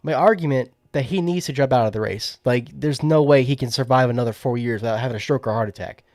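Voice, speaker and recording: A man's voice: mid-range voice, fast, darkish tone, no room sound, studio quality. A young man co-hosting a podcast in casual chat, rambling, swearing and laughing as he talks. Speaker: podcast co-host.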